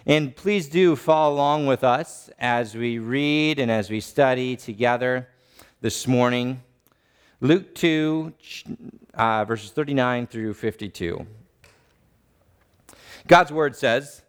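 A man in his thirties preaching a sermon in a church, reading scripture and teaching with deliberate, emphatic rises. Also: mid-range voice, smooth. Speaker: pastor. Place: church sanctuary.

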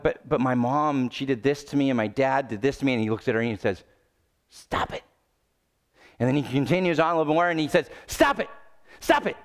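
A male pastor preaching a sermon, swinging between loud urgent pleading and low, quiet emphasis. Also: clean tone.

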